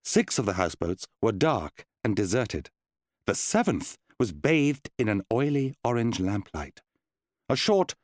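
A man reading a children's fantasy story aloud in an expressive, storytelling way. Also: on the low side, no echo. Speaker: narrator. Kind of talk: audiobook reading. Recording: dry close studio sound.

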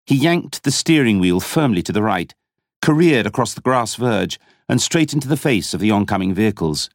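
Expressive male audiobook narrator. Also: on the low side, normal speed, no room sound, clean studio sound. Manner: dramatic, expressive reading. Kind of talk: scripted narration.

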